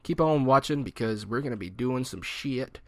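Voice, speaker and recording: A man's voice: medium pitch, animated, normal speed, fairly bright tone, no echo, studio quality. A man in his twenties giving rambling, joking gameplay commentary and mocking himself. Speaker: gaming channel host.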